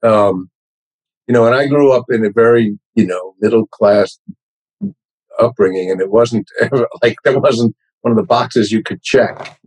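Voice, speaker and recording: A man's voice: fairly low pitch, normal speed, a little mellow, slightly rough, rough recording. A man in his sixties with a New York accent, a podcast guest telling wry, self-deprecating stories. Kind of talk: casual interview chat.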